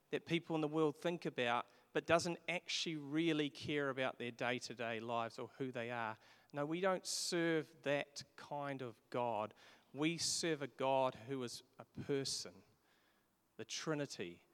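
A man delivering a sermon as pastor, earnest, with occasional pauses and rising emphatic peaks. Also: on the high side, fairly bright tone, clear, resonant tone. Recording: long hall reverb.

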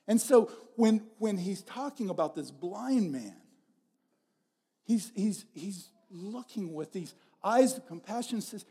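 A middle-aged pastor with a high, mellow voice delivers a sermon to his congregation. He talks in a relaxed, storytelling way, often repeating a phrase for weight. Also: slow pace, slightly rough.

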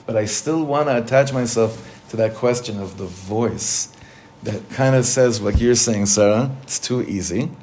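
A man's voice: medium pitch, a little mellow. A man, a rabbi, teaching a casual Torah class in a conversational way, asking the group questions and mixing in Hebrew terms.

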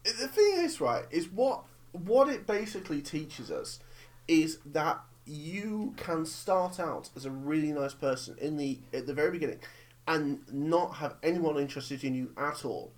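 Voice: mid-range voice, measured pace. A host ranting and joking about films in a casual chat. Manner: animated, ranting, jokey. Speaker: podcast host.

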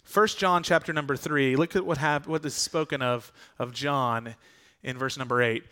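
A man's voice: medium pitch, steady tone, normal speed, pushed and bright, clean tone. A male pastor preaching a sermon in an earnest, conversational way, often asking the congregation rhetorical questions.

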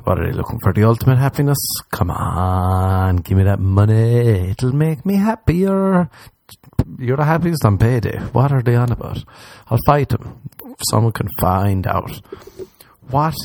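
A man's voice: lively intonation, unhurried, creaky, darkish tone, dry recording. Irish male podcast host, alone in a small room, rambling crude jokes in a dry, close recording. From Ireland. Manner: crude, self-mocking rambling with sudden high-pitched jumps. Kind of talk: solo comedic podcast monologue.

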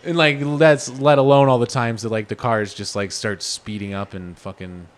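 A man's voice: lowish voice, steady tone, moderate pace. A man co-hosting a podcast, rambling and joking crudely in casual banter. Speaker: podcast co-host.

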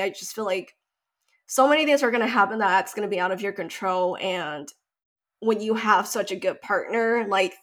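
A young woman in casual chat, sharing a personal story in a talkative, emotional way, with many fillers. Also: mid-range voice. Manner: chatty, emotional, tearful at times.

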